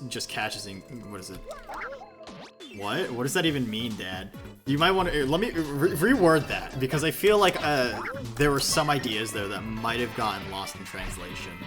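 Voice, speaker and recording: A man streaming himself playing a video game, chatting casually with viewers, rambling and swearing with plenty of fillers and restarts. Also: normal speed. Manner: rambling, profane, lots of fillers and self-corrections; animated, jumpy pitch. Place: home streaming setup. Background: video game music.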